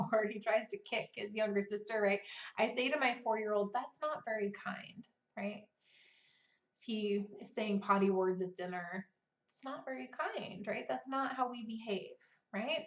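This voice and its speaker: A woman in her thirties, a writing coach, talking casually and chattily with frequent "like" and "right?". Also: fairly high pitch. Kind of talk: casual vlog talk. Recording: roomy, slightly dull recording.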